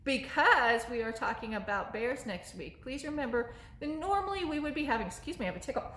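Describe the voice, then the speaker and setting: A woman's voice: sits high, lively intonation, brisk, fairly bright tone, a little hiss or hum. A woman, a children's librarian, running a story time in an upbeat way and checking in with the children through frequent questions. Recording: echoey room.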